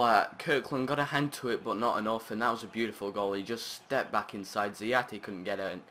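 A man commentating his own football video game match, chatting along and breaking into shouted, sweary outbursts at the play. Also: fairly low pitch, brisk, few pauses, noisy background. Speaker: gaming channel host.

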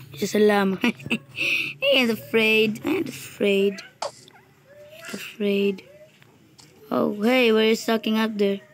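Woman, playful gaming commentary, chatty, slow unhurried talk, noisy recording. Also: a little high. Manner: playful, chatty, bursts into panicked shouting. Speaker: gamer. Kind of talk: live gameplay commentary.

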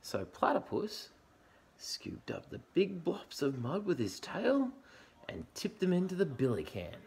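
A man gently reading a picture book aloud to a child at bedtime. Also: on the high side, wildly swooping pitch. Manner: gentle, unhurried storybook reading.

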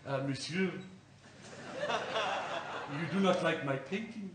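A man's voice: a little high, lively intonation, slow pace. Man putting on a French-accented painter woman. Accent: put-on French. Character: proud female French street painter. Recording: roomy church, distant mic, faint hum.

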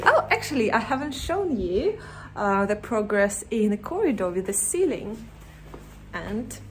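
Woman, slow-talking, slightly high voice, jumpy and breathless, casual renovation vlog, faint hum behind her. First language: Russian. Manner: breathless and jumpy, gasping and laughing nervously. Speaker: vlogger renovating an old house. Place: inside an old empty house.

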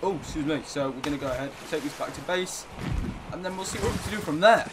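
Young guy narrating his game, bit high and bouncy voice, swears a lot, noisy mic with clicking. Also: fast. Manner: excitable, swears often, shouts when surprised. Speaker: gaming YouTuber. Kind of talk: casual gameplay commentary.

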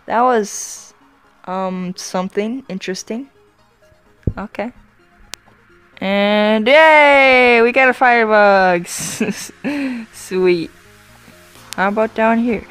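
A woman giving chatty let's-play commentary over her game, often apologizing and breaking into excited exclamations. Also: on the high side, slow, pauses often, clean tone, faint music behind. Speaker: YouTube gamer.

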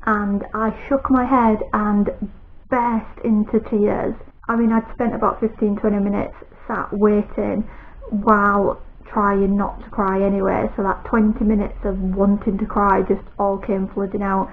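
A British woman talks to camera in a casual vlog, rambling anxiously through her story. Her medium-pitched voice is flat and a little slow, and the recording sounds tinny and phone-like with faint noise.

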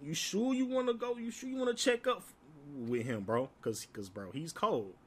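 A man's voice: high-pitched, moderate pace, crowd noise, voice pushed up, close to an everyday voice. A man doing an anxious young friend. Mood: worried. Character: worried young male friend.

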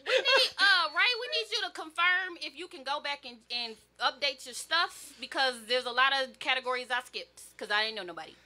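A woman's voice: high voice, expressive, a little fast, hardly any pauses, sharp tone. A woman guest on a casual podcast, teasing the host and laughing as she talks.

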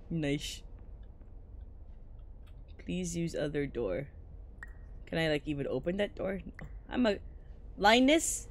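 Streaming a game live, this woman speaks at a medium pitch, a little slowly and with long pauses. Her commentary is jokey and excitable, full of laughter, and she yelps whenever something startles her.

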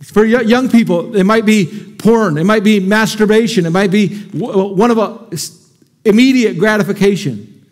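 A man with a notably high voice preaches to a congregation in a church. He talks energetically and conversationally, often tossing questions out to the people in front of him. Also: moderate pace. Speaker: pastor. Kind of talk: sermon. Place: church sanctuary before a congregation.

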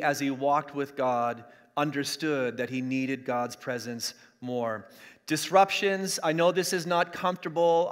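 Emphatic pastor preaching, fairly high voice. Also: male voice, smooth. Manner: emphatic, repeats key lines for emphasis. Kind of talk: sermon. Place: church streaming an online service. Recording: long hall reverb.

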